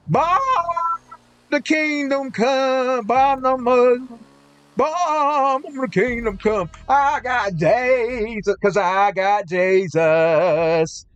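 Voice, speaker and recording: A man putting on the voice of a gloating, self-righteous zealot who cheers for bombings, drawing his words out in slow, sing-song mockery. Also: very high-pitched, clear, resonant tone, no room sound, muffled recording, soft background music, pitched above the performer's own voice, full character voice.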